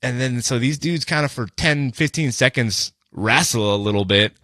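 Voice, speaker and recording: Male podcast co-host, bright and forceful, loose profane storyteller, dry close mic. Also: medium pitch, normal speed, no echo. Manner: loose and profane, with many fillers like "like" and "you know". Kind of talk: casual storytelling.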